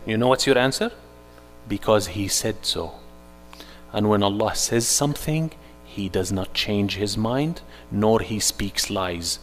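A man giving a live workshop sermon, swinging from hushed to loud and urgent, mixing in Arabic phrases. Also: on the low side, unhurried, soft background music. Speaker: Islamic speaker. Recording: echoey hall.

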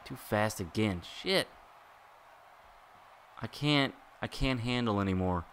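A man giving excitable live commentary while playing a wrestling video game, groaning and exclaiming at each turn. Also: fairly low pitch, moderate pace, slight background noise. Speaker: gaming YouTuber.

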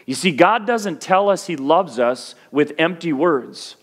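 A man's voice: fairly high pitch, expressive, a little slow. A middle-aged male pastor preaching a sermon in a conversational way that rises to fervent peaks.

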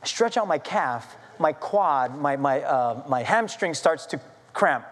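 Man pastor, high-pitched voice; animated, self-mocking sermon in a reverberant sanctuary. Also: measured pace. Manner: animated storytelling with self-deprecating humor. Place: church sanctuary.

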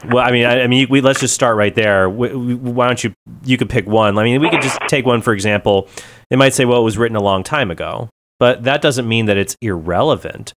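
A man's voice: mid-range voice, a little fast, fairly bright tone, a little hiss or hum. A man answering callers on a radio show, earnest and explanatory, working through questions step by step. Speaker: radio show guest expert. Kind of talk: live call-in radio talk.

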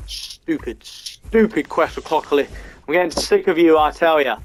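A man giving let's-play game commentary, swearing a lot and swinging between frustration and excitement. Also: a little high, measured pace, slight background noise. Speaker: gamer.

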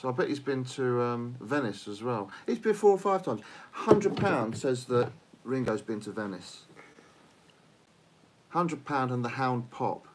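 A man's voice: mid-range voice, a little hiss or hum. A man from England, joking crudely while co-hosting a casual livestream chat. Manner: joking, crude, slips into silly mock-French voices. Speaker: livestream co-host.

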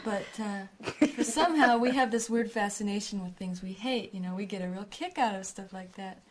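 A young American woman musician, a guest in an interview, reminiscing in a rambling, halting way with frequent laughs. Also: medium pitch. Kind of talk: casual reminiscing conversation.

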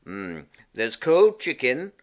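A man voicing a cheerful, bossy male water rat in a storybook reading, brisk and fussy. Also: mid-range voice, big pitch swings, pitched above the performer's own voice. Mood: chatty.

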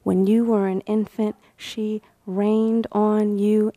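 A woman reads her poems at a university event in an unhurried, drawn-out cadence. Her lines repeat like a chant and at times sink to a whisper. The sound is close and dry, with little room in it. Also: medium pitch, flat delivery, mellow, no echo. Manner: rhythmic, incantatory repetitions, dropping at times to a whisper; chatty and laughing between poems. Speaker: poet reading her work. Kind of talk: live poetry reading.

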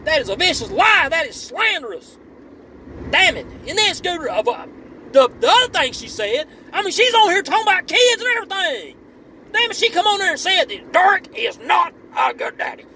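Man putting on a high-pitched Southern superfan voice, ranting and cursing, bright and piercing, comedy rant video. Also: sing-song, normal speed, slight background noise, heavily acted. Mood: indignant. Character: loud foul-mouthed Southern male superfan, hot-tempered.

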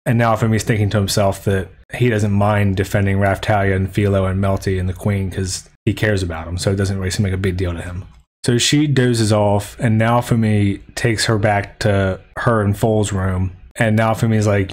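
A man with a fairly low voice talks through an anime episode and its book in a laid-back, chatty way. He drops in plenty of "like" fillers and chuckles as he goes. It sounds like easygoing video commentary. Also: moderate pace. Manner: relaxed, chatty, frequent "like" fillers, chuckles often. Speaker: anime and light novel commentator.

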